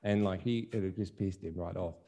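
A man's voice: sits low, steady tone, a little fast, dark tone. A young adult man co-hosting a podcast, speaking candidly and thinking aloud, with lots of "like" and some mild swearing. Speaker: podcast co-host, musician. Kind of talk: casual chat.

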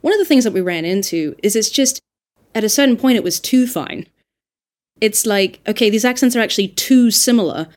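A woman's voice: fairly high pitch, animated, fairly quick, darkish tone. A woman dialect coach speaking as a podcast guest, thinking aloud in an earnest, emphatic way. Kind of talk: podcast conversation.

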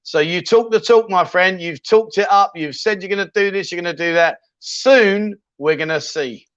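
Man, livestream host, rambling and jokey, fairly high voice, dull dry sound. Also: moderate pace, a bit bright, clear, resonant tone, dry recording. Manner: chatty, rambling, jokey, with many ums and restarts. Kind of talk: casual live chat reading viewer comments.

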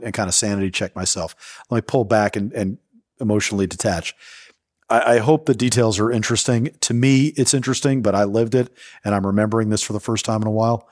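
Low-voiced man telling a candid story. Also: dry recording, clean studio sound. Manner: candid, profane, acts out quoted voices. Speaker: podcast host. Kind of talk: personal storytelling monologue.

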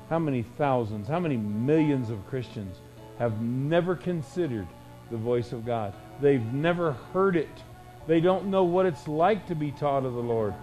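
A man preaching a sermon, emphatic and full of rhetorical questions, swinging between loud bursts and hushed lines. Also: on the high side, rough recording. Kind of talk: radio sermon.

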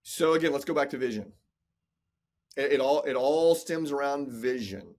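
In a mid-range, darkish voice at a moderate pace, a business coach and entrepreneur in his forties talks through a casual podcast interview. He sounds emphatic and motivational, often repeating himself.

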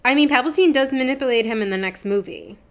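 A woman co-hosting a podcast in casual chat, relaxed and matter-of-fact. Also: high-pitched, fast. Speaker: podcast co-host.

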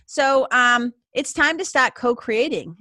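A middle-aged woman hosts a casual spiritual talk show as a podcast, chatty and upbeat, peppering her speech with "like" and laughter. Her voice sits high with a sharp tone, she speaks slowly, and the recording is dry.

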